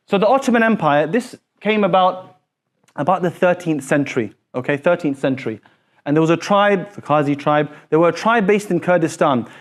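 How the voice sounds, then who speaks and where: A high-voiced male teacher lectures a classroom. He talks in an animated way, pressing his students with repeated questions like "so what?" and "why is that important?".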